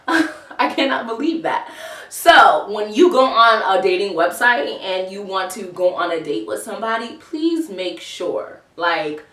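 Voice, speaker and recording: Woman ranting a storytime vlog, cussing a lot, bright sharp voice, echoey room, a bit far from the mic. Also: mid-range voice. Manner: profane, animated, laughing often. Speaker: vlogger telling a story. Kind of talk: casual storytime. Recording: roomy echo, voice a bit off-mic.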